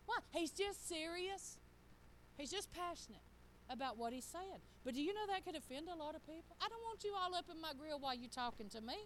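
A woman's voice: high voice, a bit bright, slight background noise, poor audio. A middle-aged woman gives an informal, joking sermon in a church, talking straight to her congregation in a folksy way. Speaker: preacher.

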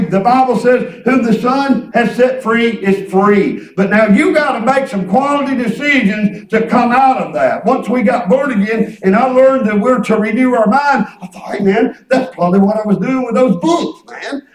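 A man's voice: extremely high pitch, normal speed, hardly any pauses. A man preaching in a casual, conversational way, telling folksy stories and often restarting his words. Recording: echoey room, distant mic.

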